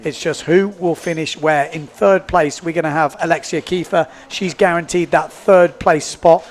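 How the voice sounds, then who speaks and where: Upbeat higher-voiced male commentator. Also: steady tone, moderate pace, a little hiss or hum. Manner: chatty, upbeat, repeats himself while thinking. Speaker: event commentator. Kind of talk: live sports commentary. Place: indoors at a beachside event.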